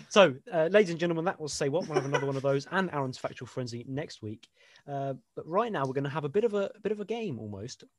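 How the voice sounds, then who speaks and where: A man's voice: on the high side, lively intonation, quick pace, slight background noise. A young man co-hosting a casual podcast, reading funny sporting quotes aloud and laughing often. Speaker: podcast co-host.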